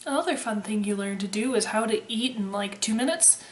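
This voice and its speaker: A woman's voice: medium pitch, lively intonation, a little fast, a little hiss or hum. A woman in her twenties chatting casually to camera, sarcastic and freely swearing with dry humor. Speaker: vlogger, former waitress. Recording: roomy echo.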